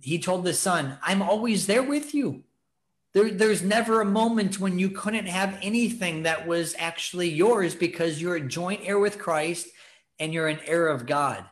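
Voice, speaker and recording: A man preaching earnestly on a faith podcast, urging his listeners on. His voice sits a little high for a man. He now and then acts out what people in the story think. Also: a little slow. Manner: earnest, exhorting, acts out quoted thoughts. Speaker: podcast host teaching on scripture. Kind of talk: preaching talk, casual.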